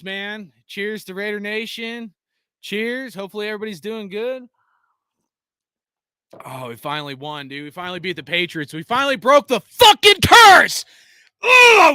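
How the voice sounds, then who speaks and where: A man hosting his sports fan channel, ranting live on a stream from home in a profane, excitable, rambling way. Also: sits high, dry recording, clean studio sound.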